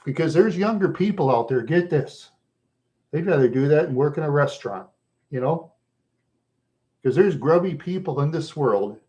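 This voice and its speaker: Rough-voiced man rambling with chuckles. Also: fairly high pitch, animated, moderate pace, long pauses, mellow, dull audio. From Minnesota. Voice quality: rough voice worn down by smoking. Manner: chuckles often between loose, rambling stories. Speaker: livestream host chatting with viewers. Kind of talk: casual rambling chat.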